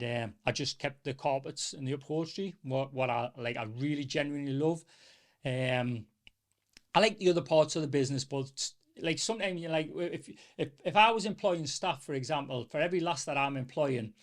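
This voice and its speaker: Podcast guest, North East English man, middle-aged, slightly raised pitch, casual animated storyteller. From North East England. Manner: rambling, animated storytelling with quoted dialogue. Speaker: small business owner, podcast guest.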